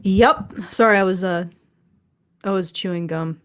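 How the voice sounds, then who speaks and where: A woman's voice: fairly low pitch, fairly even intonation, normal speed, fairly bright tone, clear, resonant tone. Sarcastic, stammering woman podcast host. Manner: sarcastic, stammering restarts, profane. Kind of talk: casual commentary chat.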